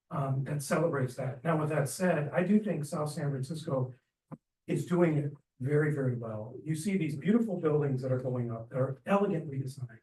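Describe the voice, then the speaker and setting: At a community meeting in a city meeting room, a man speaks up as a resident for public comment, enthusiastic and rambling with many fillers and restarts. His medium-pitched, darkish voice is off-mic and distant, echoing around the room.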